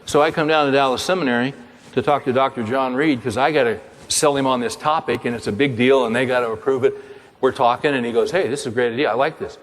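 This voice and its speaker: An older man delivers a sermon as an animated storyteller, slipping into the voices of the people in his story. His voice sits at a middle pitch and carries a long hall reverb. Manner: animated storyteller acting out dialogue. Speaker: pastor and author.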